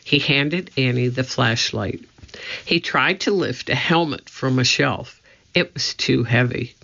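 A man reading a children's story aloud in a steady, scripted narration. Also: medium pitch, measured pace, gravelly. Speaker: audiobook narrator. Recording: slightly dull lo-fi audio.

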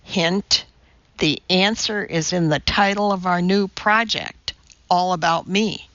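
A woman doing a shrill strict schoolteacher. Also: slow, no echo, muffled recording. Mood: stern. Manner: sharp, huffy and shrill when scolding. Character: strict, irritable woman kindergarten teacher.

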